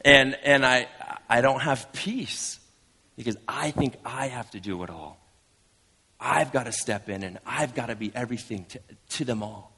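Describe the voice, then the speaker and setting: A man's voice: mid-range voice, normal speed, sharp tone, breathy edge, long reverb tail. A man in his thirties, a father preaching an earnest, conversational sermon with frequent restarts. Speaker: pastor.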